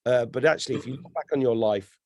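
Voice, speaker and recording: A man telling stories in casual podcast chat, animated and swearing freely. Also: mid-range voice, quick pace, no room sound, studio quality. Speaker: guest.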